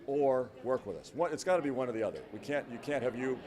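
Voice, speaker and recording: A man's voice: mid-range voice, fast, warm tone. A man in his fifties, a state governor, giving an earnest, folksy stump speech that often repeats itself. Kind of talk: stump speech to a chamber audience. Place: large event hall. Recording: long hall reverb.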